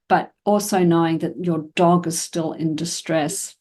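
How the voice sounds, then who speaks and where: A woman's voice: on the low side, steady tone, unhurried, hardly any pauses, mellow. A woman hosting a podcast about dog training, explaining in a casual, conversational way with frequent fillers and acted-out examples.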